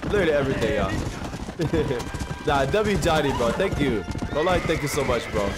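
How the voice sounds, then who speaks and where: A young man streaming a game live, loud and animated, swinging between shouting and low muttering as he talks to chat. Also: normal speed, over loud music. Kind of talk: live gameplay commentary.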